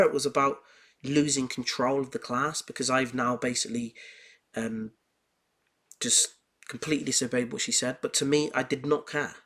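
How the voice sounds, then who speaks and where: A man's voice: medium pitch, fairly bright tone. A young man hosting a podcast, talking in a casual monologue and telling personal stories emphatically, with a lot of repetition. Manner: emphatic, heated storytelling with repetition. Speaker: podcast host. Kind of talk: casual monologue on self-improvement.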